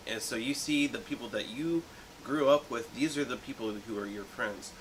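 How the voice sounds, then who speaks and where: A man in his late thirties co-hosting a movie review podcast, talking in a thoughtful, rambling way with many pauses. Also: mid-range voice, slight background noise, low-quality recording. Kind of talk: casual chat.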